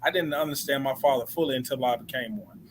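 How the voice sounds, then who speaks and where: A man's voice: mid-range voice, quick pace, a little hiss or hum. A father as a guest in a live conversation, giving earnest advice.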